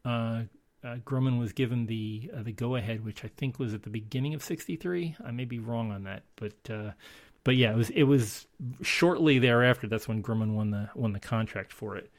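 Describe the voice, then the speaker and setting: A man's voice: medium pitch, moderate pace. A man co-hosting a casual chat, rambling along with lots of restarts and fillers. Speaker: podcast co-host.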